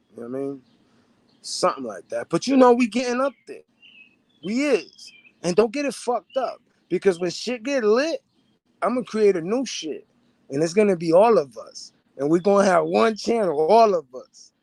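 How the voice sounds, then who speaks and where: High-voiced man vlogging casually. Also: no room sound. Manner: streetwise, profane, repeats phrases. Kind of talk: casual monologue to viewers.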